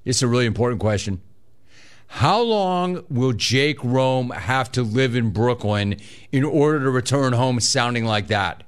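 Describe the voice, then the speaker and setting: A man hosting a sports call-in radio show, animated and joking with callers. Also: mid-range voice, a little slow, clean tone. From California. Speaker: radio talk show host. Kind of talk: casual sports radio chat.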